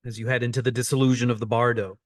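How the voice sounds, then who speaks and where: A man's voice: medium pitch, level tone, very fast, no room sound, studio quality. A man coaching an online teaching session, repeating phrases for emphasis as he explains.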